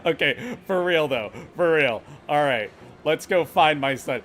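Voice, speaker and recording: A man's voice: high voice, sing-song, a little slow, a little hiss or hum. Sarcastic man streaming a game. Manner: sarcastic, laughing, swearing. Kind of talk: critical live gameplay commentary.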